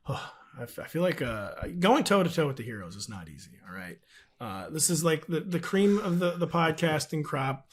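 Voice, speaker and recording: A man's voice: on the high side, lively intonation, normal speed, slightly rough. A man talking fantasy football as a podcast guest, rambling and self-deprecating with lots of fillers. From St. Louis region. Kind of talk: casual podcast chat.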